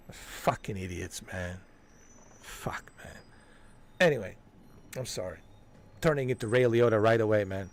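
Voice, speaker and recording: A man's voice: lowish voice, measured pace, pauses often. A man ranting on a game livestream, heated and profane, dropping "man" and "dude" as he hammers his points home. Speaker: livestream gamer. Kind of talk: casual ranting livestream chat.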